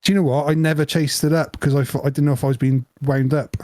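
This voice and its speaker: A man co-hosting a podcast, telling an animated story through laughter in casual chat. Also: on the high side, fast, dry recording. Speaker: podcast co-host.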